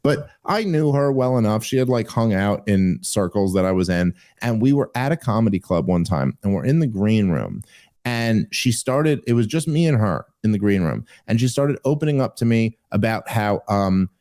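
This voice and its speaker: A man hosting a podcast, a stand-up comic telling a story in casual conversation, getting more animated as he grows indignant. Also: normal speed. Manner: animated, rising higher when indignant.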